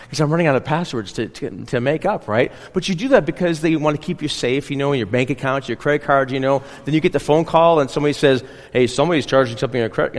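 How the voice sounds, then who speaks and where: Chatty pastor in a reverberant hall. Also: male voice, on the high side. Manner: chatty, keeps checking in with the congregation. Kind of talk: conversational sermon. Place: church.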